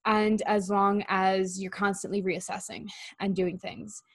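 A woman's voice: medium pitch, little pitch movement, measured pace, dry recording. A woman coach co-hosting a podcast, talking in an upbeat, eager way. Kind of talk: casual podcast chat.

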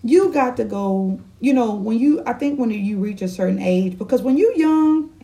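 A middle-aged woman hosting a podcast, sassy and expressive, colloquial, quick to laugh. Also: on the high side, rough recording. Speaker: podcast host. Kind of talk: casual chat.

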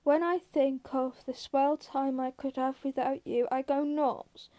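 A gruff, weary ranch hand scolds and grumbles, as a woman reads him aloud. The voice is high and mellow. It is a plain audiobook reading. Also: flat delivery, unhurried.

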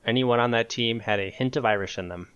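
A man's voice: medium pitch, quick pace, a bit bright, smooth, highs cut off. A man co-hosting an esports podcast, joking around and laughing in casual chat. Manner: jokey, laughs often. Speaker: podcast co-host.

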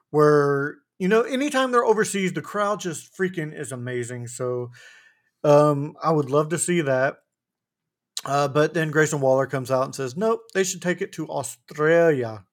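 A man co-hosting a casual wrestling recap podcast, talking in a rambling, animated way with frequent restarts. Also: a little high. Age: adult with a wife. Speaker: podcast co-host.

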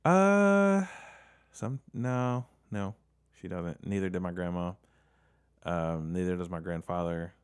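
Podcast co-host, young man, very low voice, unsure and self-mocking, trails off mid-thought. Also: slow, clear, resonant tone. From Southern United States. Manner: hesitant, self-deprecating, trails off a lot. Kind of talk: casual chat.

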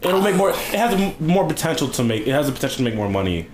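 A man's voice: a little high, big pitch swings, fast talker, noisy background. A man in casual podcast chat, laid-back, giving short reactions and pushing back with counterpoints.

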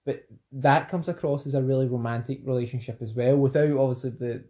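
A man's voice: mid-range voice, fairly even intonation, brisk, dark tone. A Scottish man co-hosting a podcast, chatting enthusiastically and a bit ramblingly about films. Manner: enthusiastic, rambling film talk. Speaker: podcast co-host. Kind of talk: casual chat.

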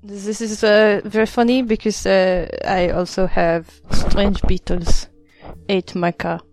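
A woman's voice: medium pitch, level tone, slow pace, darkish tone. Playful woman player, mid voice, faint music. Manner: playful, laughs often. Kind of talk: comedic tabletop role-play.

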